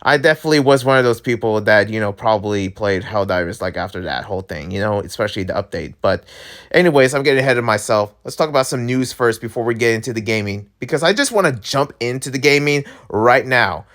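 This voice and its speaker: A young man who makes gaming videos, talking straight to his viewers in a casual, excitable rant. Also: mid-range voice, quick pace. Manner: animated, excitable, talks to viewers directly. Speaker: gaming YouTuber.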